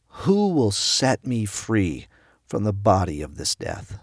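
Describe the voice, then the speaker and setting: This middle-aged pastor has a somewhat low, darkish voice, recorded dry with a clean studio sound. He preaches a devotional message built around a personal story, speaking up louder whenever he quotes the people in it.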